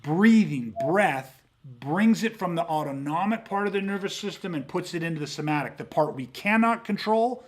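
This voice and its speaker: A fairly high-voiced man delivering an instructional podcast monologue as a tactical mindset coach. He talks with intensity and swears freely, acting out his reactions to drive each point home. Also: animated, moderate pace. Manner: intense, profane, acts out reactions.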